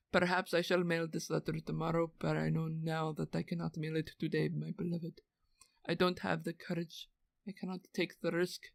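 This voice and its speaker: A woman's voice: sits low, vocal fry, dry recording. Brief: a woman doing a brooding lovesick carver, theatrical accent, dry close sound. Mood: anguished. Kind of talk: dramatic reading of a letter.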